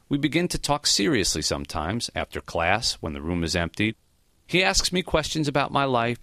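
A man narrating a memoir in the first person, reflective and measured. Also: lowish voice, fairly bright tone, no room sound, studio quality. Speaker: audiobook narrator.

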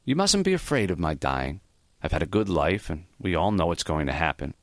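A man reading the part of a frail, dying old male professor who speaks gently and matter-of-factly. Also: sits low, big pitch swings, no room sound, clean studio sound, pitched below the performer's own voice. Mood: gentle. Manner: gentle, unhurried, matter-of-fact.

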